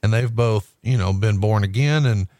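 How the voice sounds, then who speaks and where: A man co-hosting a podcast in casual chat, blunt and profane, with animated banter. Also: lowish voice, moderate pace, dry recording, clean studio sound. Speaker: podcast co-host.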